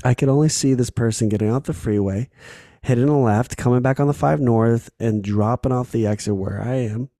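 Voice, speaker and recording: Gravelly, swearing podcast host. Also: male voice, mid-range voice, fairly quick, mellow, no room sound, clean studio sound. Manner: candid, swears freely, acts out little scenes. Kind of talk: casual solo podcast talk.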